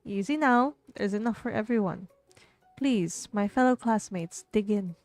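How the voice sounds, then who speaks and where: Girl doing a polite old gentleman chef, formal and proper. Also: mid-range voice, a little slow, soft background music, close to an everyday voice. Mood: courtly. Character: courteous old gentleman cook, male.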